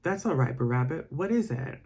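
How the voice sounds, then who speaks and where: Guy doing greedy storybook wolf, gravelly, pushy drawl. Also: mid-range voice, expressive, moderate pace, a little mellow. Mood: eager. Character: hungry scheming male wolf.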